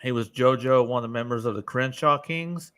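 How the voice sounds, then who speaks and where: A man at a home computer mic runs a casual live-stream panel. His voice sits at an ordinary middle pitch, and he talks loosely, swearing freely and passing the turn from one panelist to the next. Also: fairly quick, fairly bright tone, clear, resonant tone.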